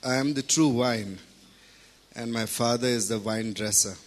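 Male preacher, mid-range voice, earnest and deliberate sermon delivery. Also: medium pitch. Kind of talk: sermon with scripture reading and prayer.

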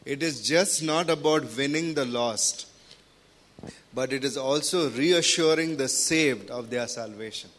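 A man's voice: medium pitch, fairly bright tone. Earnest man preaching a sermon. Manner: earnest, deliberate teaching. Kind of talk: sermon with scripture reading and prayer.

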